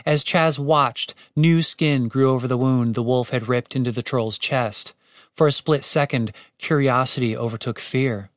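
A man narrating an audiobook in a steady, wry way. His voice sits at a middle pitch and is recorded close and dry. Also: a little slow, no echo. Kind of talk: scripted narration.

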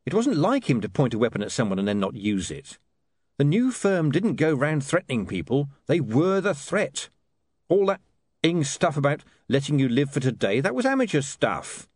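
Male audiobook narrator, dry and measured, expressive range, close dry studio sound. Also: mid-range voice, husky, dry recording.

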